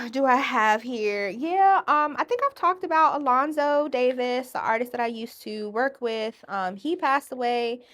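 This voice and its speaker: A woman hosting her own podcast in a casual solo monologue, animated and profane, often acting out other voices. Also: high voice, a little slow. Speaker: podcast host.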